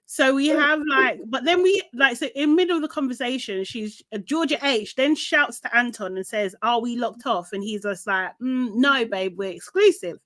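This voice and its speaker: Woman with a higher voice, casual tv recap chat, retells scenes with little voices, lively. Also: normal speed, hardly any pauses, dry recording. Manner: lively storytelling, acting out quotes, laughs easily. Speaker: podcast co-host.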